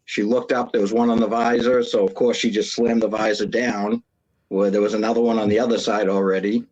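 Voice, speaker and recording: A retired police officer from Massachusetts telling a prank story on a podcast, acting out the other people's voices with animation. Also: male voice, on the low side, level tone, a little fast, darkish tone, dull audio.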